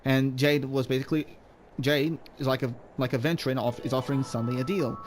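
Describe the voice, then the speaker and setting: A man's voice: mid-range voice, steady tone, brisk, soft background music. A man casually commenting while playing through a game story, rambling and restarting his sentences. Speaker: gaming YouTuber. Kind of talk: casual let's-play commentary.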